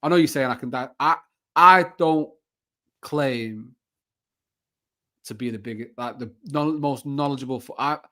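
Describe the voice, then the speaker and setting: A man's voice: mid-range voice, measured pace, pauses often, bright, forceful tone. A young man with a Mancunian accent, chatting casually as a guest on a football talk show, rambling with frequent restarts and fillers. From Manchester, England. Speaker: podcast guest, football fan content creator. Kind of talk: casual chat.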